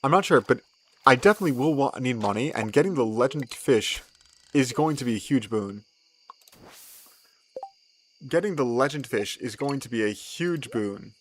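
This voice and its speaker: Young male streamer, excitable and lively in pitch, repeats lines, laughs a lot. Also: normal speed, long pauses, a little hiss or hum. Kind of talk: casual gameplay commentary.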